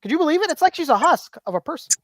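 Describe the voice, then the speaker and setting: A woman's voice: high voice, very animated, rapid-fire, no room sound, studio quality. Rambling woman hosting a casual chat. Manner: rambling, repeats phrases. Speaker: podcast host reading viewer chats. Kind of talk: casual toy-collector chat.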